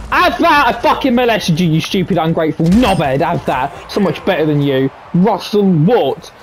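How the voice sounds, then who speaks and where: A young man giving live gameplay commentary, trash-talking and swearing at opponents with sudden excited yelps. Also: fairly high pitch, gravelly, slight background noise. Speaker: gaming streamer. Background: gunfire from the game.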